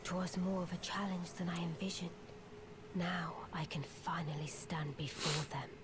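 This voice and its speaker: A woman voicing an aloof, regal witch in a whispered role-play, with a hushed, breathy voice and archaic speech. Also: lowish voice, steady tone, normal speed, natural voice. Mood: solemn. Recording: noisy in-game audio, distant.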